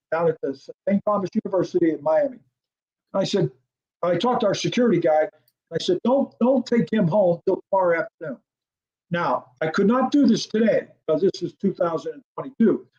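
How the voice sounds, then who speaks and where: A man's voice: high voice, brisk, dull audio. An older man, a former football coordinator, telling a story as an interview guest and acting out the dialogue. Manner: animated storyteller, acts out quoted dialogue, laughs often.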